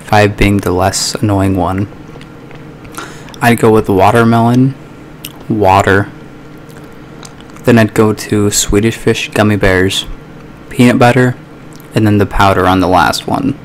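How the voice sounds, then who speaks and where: A man talking casually through an eating sound challenge on his video channel, chatty and relaxed. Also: lowish voice, a little slow, pauses often. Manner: chatty, casual, drops into a mock whisper at times. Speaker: YouTube vlogger. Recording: faint background noise.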